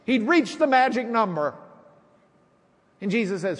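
A middle-aged man preaching a sermon, telling a courtroom story and acting out the voices with lively energy. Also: high-pitched, measured pace. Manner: animated storyteller, acts out voices. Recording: hall reverb.

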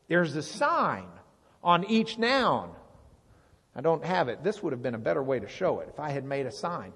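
A man giving Bible teaching to a congregation, explaining with lively questions to the room. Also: fairly high pitch, husky. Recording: long reverb of a large hall.

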